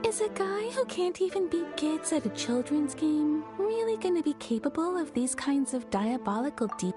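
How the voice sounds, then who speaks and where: An actress playing a chatty townswoman telling a fond story, amused and animated. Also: high-pitched, moderate pace. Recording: game music underneath.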